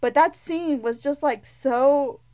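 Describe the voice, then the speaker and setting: A woman co-hosting a podcast, talking excitedly about a film with lots of "like" fillers. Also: high voice, slow pace. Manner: gushing and animated, many "like" fillers. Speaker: podcast co-host. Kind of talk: casual film review chat.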